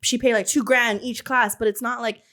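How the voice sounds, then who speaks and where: A woman's voice: fairly high pitch, steady tone, normal speed, a bit bright. A young woman co-hosting a casual chat, talking loosely with many fillers and restarts. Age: young adult. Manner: chatty, lots of "like" and restarts. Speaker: podcast co-host.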